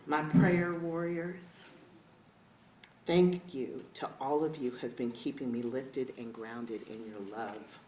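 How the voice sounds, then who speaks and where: A middle-aged woman giving a heartfelt acceptance speech at a podium, emotional and warm with laughing asides. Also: a bass voice, a little hiss or hum. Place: large event hall. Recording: echoey hall with faint ambience.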